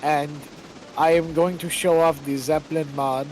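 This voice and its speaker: A man imitating a gaming YouTuber with a monotone, deadpan, oddly formal delivery. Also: a little high, normal speed, slight background noise, lightly acted. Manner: flat, deadpan, formal phrasing.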